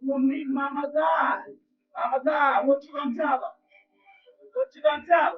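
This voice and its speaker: High-voiced woman shouting rousing exhortations. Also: steady tone, moderate pace. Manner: exclamatory, shouts "What?" and "Woo". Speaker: spiritual motivational speaker. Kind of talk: rousing call-and-response preaching. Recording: lo-fi with faint music.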